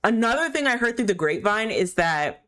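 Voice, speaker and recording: A woman's voice: on the high side, sing-song, brisk, a bit bright. A woman streaming live, talking in a rambling, candid, opinionated way, full of filler words. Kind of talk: casual chat while gaming.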